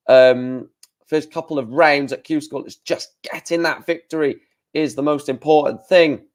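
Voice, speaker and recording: Rambling man streaming live. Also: on the high side. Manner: rambling, thinking aloud with fillers. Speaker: darts live stream host. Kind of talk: casual live stream commentary.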